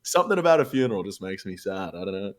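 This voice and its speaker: A man's voice: low voice, sing-song, very fast. A man who is a podcast guest, chatting casually, rambling through stories and swearing offhandedly. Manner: laid-back, swears casually, rambling storytelling.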